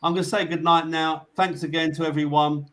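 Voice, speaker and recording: A man hosting a live online show, talking casually and haltingly with lots of fillers as he signs off. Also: on the high side, flat delivery, a bit bright. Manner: rambling, halting, many fillers and restarts. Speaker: show host. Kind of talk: casual live-stream sign-off chat.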